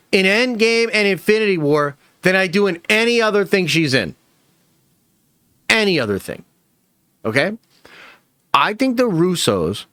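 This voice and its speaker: Chatty guy ranting about movies, kinda high voice that jumps all over, cusses a lot, dry sound. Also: no room sound. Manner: animated, profane, chatty with lots of fillers. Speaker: movie news channel host. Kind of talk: casual opinion commentary.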